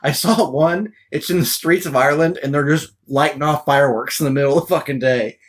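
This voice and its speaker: A man's voice: a little high, fairly quick. A man co-hosting a casual podcast, blunt and swearing freely as he tells stories with energy. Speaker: podcast co-host. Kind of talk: casual chat.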